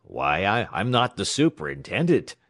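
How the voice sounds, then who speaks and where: A man's voice: lowish voice, wildly swooping pitch, moderate pace, fairly bright tone, dry recording, clean studio sound, heavily acted. A man doing a quavering, pompous clerk. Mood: frightened. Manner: quavering, stammering when scared. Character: pompous young male railroad clerk, easily frightened.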